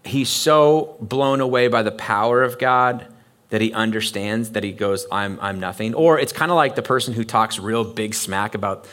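A man's voice: on the low side, normal speed. Man preaching a conversational sermon. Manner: conversational, animated, acts out quoted voices. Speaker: pastor. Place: church.

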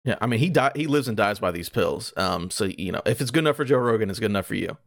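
A man co-hosting a comedy podcast, reading silly sponsor spots with a straight face. His voice sits in a middle pitch and sounds close and dry, with no room around it. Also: fast, no echo. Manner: dry, deadpan delivery of absurd sponsor copy. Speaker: podcast co-host. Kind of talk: comedic podcast banter, deadpan ad reads.

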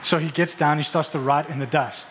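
A man preaching a sermon, telling the story in an animated, emphatic way. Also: a little high, brisk, in a large hall, slight background noise, rough recording. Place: church hall.

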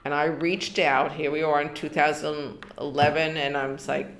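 Low-voiced older woman recalling her past. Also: level tone, moderate pace, hardly any pauses, a little hiss or hum. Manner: rambling, with frequent restarts and quoted dialogue. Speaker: interviewee. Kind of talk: oral history interview.

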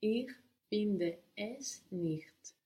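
Female learner, very slow, low and mellow, tentative answers, distant mic. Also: animated. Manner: hesitant, short tentative answers. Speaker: language student. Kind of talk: answering in a language lesson.

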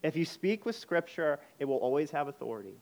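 A man preaching a sermon, emphatic, moving between urgent loud passages and quiet intense ones. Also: fairly high pitch, lively intonation, fairly quick, gravelly. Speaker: pastor.

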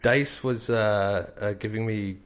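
A man from Canada, a comedian, telling a long, animated story in a casual interview, laughing often and acting out what people said. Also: fairly low pitch, takes it slowly, heavy background noise. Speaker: comedian guest.

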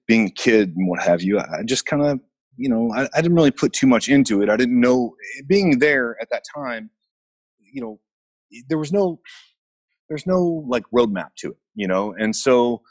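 A middle-aged man from Memphis, telling stories as a guest in a loose, rambling way with lots of fillers. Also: medium pitch. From Memphis, Tennessee. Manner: rambling, laid-back, many fillers and restarts. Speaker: actor guest. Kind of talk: casual storytelling interview. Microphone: remote call from a basement.

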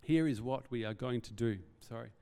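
A man's voice: medium pitch, moderate pace, mellow, smooth. A man preaching a sermon as pastor, earnest and conversational, with self-deprecating asides. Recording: reverberant hall.

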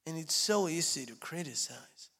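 A man's voice: on the high side, normal speed. A male pastor preaching a sermon, telling stories animatedly and repeating key phrases. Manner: animated storytelling, acts out quotes, repeats phrases.

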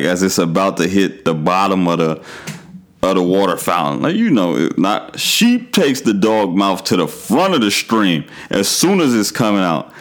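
A man hosting a podcast, telling a profane comic story with animated delivery that jumps into high exclamations. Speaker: podcast host. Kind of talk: comedic storytelling monologue.

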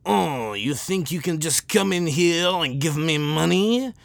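A man's voice: on the high side, lively intonation, vocal fry, dry recording, pitched above the performer's own voice. A man puts on a snooty French shopkeeper with a thick French accent, drawing out every word with lofty scorn. The voice sits a little above his own and sounds pinched and altered. The recording is dry and close. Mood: scornful. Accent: French, put on. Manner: haughty, scornful, drawn-out delivery.

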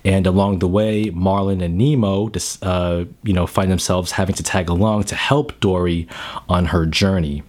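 A man's voice: sits low, steady tone, normal speed, darkish tone. A man giving a casual spoken film review, emotional, often stammering and repeating his words.

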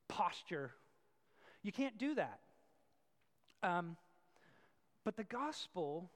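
A male pastor preaching a sermon, switching between loud emphatic points and quiet asides. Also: high-pitched, long reverb tail.

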